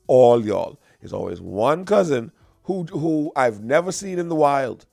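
A young man doing a stand-up comedy routine, animated and slangy, on a stage microphone. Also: medium pitch, measured pace, gravelly, dry recording, studio quality. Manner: animated, repetitive, slangy storytelling.

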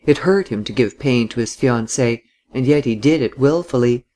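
A reader narrating a novel in a measured storytelling manner. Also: mid-range voice, dark tone. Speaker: audiobook reader. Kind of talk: scripted narration.

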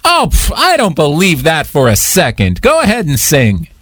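A man's voice: a little high, huge pitch swings, normal speed, a bit bright. A man hosting a call-in radio show, chatting with a caller in a playful, self-deprecating way. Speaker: radio host.

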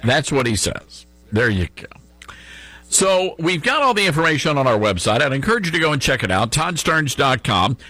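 Man, talk radio host, husky bright voice, dry studio sound, faint music underneath. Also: mid-range voice, sing-song, moderate pace, dry recording. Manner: sarcastic, mocking asides with chuckles. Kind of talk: conservative talk radio commentary. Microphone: studio microphone.

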